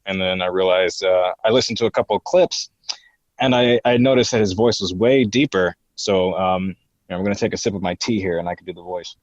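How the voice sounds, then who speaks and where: A man's voice: lowish voice, normal speed, dry recording. Hesitant young man, slightly muffled. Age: 20s. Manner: hesitant, many fillers, slips into character voices. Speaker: guest voice impressionist. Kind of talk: podcast interview.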